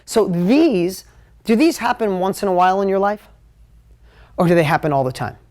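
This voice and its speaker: A man teaching a live motivational talk at a whiteboard, energetic, emotional and conversational. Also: high voice, normal speed. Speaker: motivational business coach.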